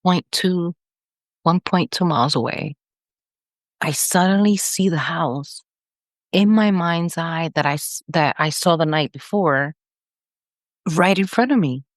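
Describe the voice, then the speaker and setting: A woman with a notably low voice tells a personal story as an interview guest. She recounts events vividly and acts out the lines in her story. The sound is close and dry. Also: a little slow, long pauses, no room sound. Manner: tells the story vividly, acting out the dialogue with pitch jumps. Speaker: psychic medium guest.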